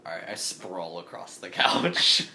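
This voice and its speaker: Bright, laughing man playing a tabletop game. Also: low voice, very animated, unhurried, slight background noise. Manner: laughs a lot, swears, jokey. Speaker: player.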